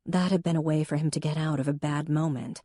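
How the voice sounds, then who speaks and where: A woman narrating a romance novel in an even, intimate storytelling manner. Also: deep voice, fast, dry recording, clean studio sound. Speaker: audiobook narrator. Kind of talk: scripted narration.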